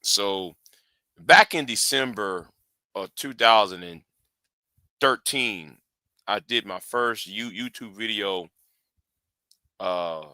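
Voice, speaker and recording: Slow, bright-voiced man rambling on stream. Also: fairly low pitch, clean tone, no echo. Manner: rambling, halting, many fillers and restarts. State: tired, yawning after work. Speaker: live stream host. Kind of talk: casual live stream talk.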